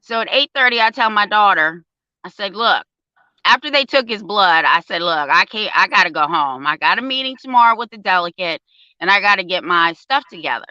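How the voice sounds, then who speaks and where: A woman's voice: medium pitch, a little fast, no echo, dull audio. An older woman, a parent advocate, telling a story in casual talk and acting out the quoted voices. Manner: animated storyteller, acts out quotes.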